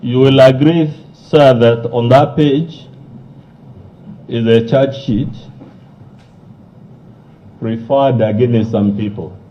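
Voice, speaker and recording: A man's voice: medium pitch, takes it slowly, long pauses, warm tone. A man, a lawyer, firmly cross-examining a witness at a committee hearing. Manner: firm, insistent questioning. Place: parliamentary committee hearing room. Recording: dull lo-fi broadcast audio.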